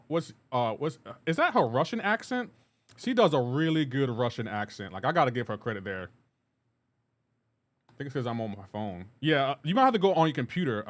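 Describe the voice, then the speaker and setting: Male streamer, relaxed and rambling, mid-range voice, reads chat aloud between plays. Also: medium pitch. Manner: laid-back, reads chat messages aloud and answers them; rambling with frequent restarts and asides to gameplay. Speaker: live streamer. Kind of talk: casual gaming livestream chat.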